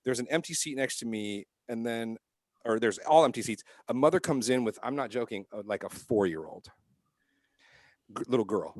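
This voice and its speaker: A man on a podcast telling profane, animated anecdotes in casual chat. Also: mid-range voice, normal speed, no echo. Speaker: podcast co-host.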